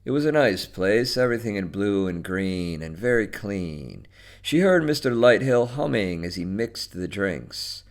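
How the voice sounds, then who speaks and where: Slow, expressive male story narrator. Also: on the low side.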